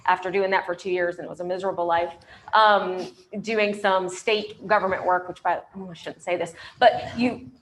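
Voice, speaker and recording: A woman's voice: lowish voice, steady tone, moderate pace. A woman real estate agent from North Carolina telling her own story on a panel, candid and chatty, with frequent ums.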